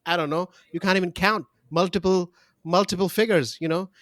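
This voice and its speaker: Ranting New comedy podcast host. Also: male voice, sits high, fairly even intonation, fairly quick, a bit bright, no echo, studio quality. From New Zealand. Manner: ranting, jokey, puts on voices. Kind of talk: casual comedy chat.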